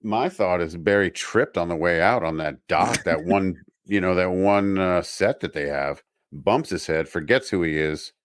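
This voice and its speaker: Male podcast co-host, very low voice, dry close sound, deadpan recap. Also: moderate pace, hardly any pauses, dry recording. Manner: reads plot summary, dry jokes. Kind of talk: casual podcast chat.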